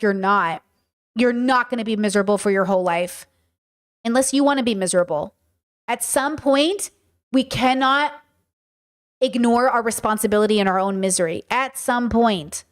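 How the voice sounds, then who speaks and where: Woman in her 30s going off on her podcast, blunt and sweary, kinda high voice. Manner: blunt, profane and emphatic. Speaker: podcast host. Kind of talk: casual unscripted monologue answering chat.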